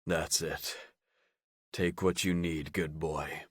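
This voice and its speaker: A protective, possessive werewolf man speaks in a very deep, hushed and soothing voice, as a male audiobook narrator plays him. The sound is close and dry, and he talks slowly and quietly. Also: fairly even intonation, husky, no echo, full character voice. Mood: tender.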